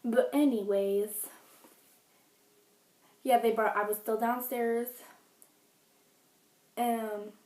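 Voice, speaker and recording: Speaking extremely slowly and pausing often, a woman vlogger relates a casual storytime at home, chatty and dotted with dramatic asides. Her voice is a little high with a dark tone and fairly even intonation. A furnace runs in the background, and the distant mic gives a roomy sound with faint noise.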